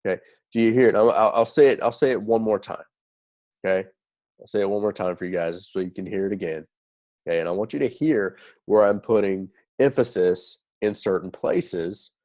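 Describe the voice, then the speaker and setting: A man's voice: lowish voice, a little mellow. A man teaching a recruiting lesson who keeps checking in with "okay?" and repeats key phrases for emphasis. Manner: checks in constantly with "okay?" and "right?". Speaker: sales recruiting trainer. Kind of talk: recorded training lesson.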